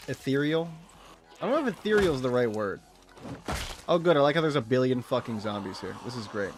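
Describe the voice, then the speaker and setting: Male streamer, casual and profane, lively pitch swings, middle-pitched voice, reads game text aloud with jokey asides. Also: fairly quick, faint music behind. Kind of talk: gameplay commentary.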